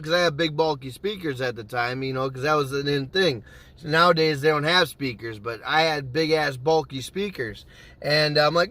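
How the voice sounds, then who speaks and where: A man telling a gaming story to camera in a casual, animated way, swearing freely and acting out what he said back then. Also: fairly high pitch, brisk, no room sound. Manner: animated, swears freely, acts out his own past lines. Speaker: gaming YouTuber.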